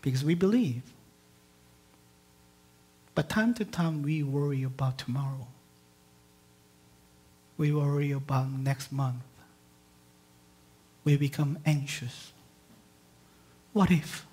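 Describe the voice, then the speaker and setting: Woman pastor, sermon; slow, deliberate delivery that builds to loud emphatic peaks and rhetorical questions. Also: deep voice, lively intonation, husky. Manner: impassioned, swings from quiet to loud emphatic peaks; asks the congregation rhetorical questions.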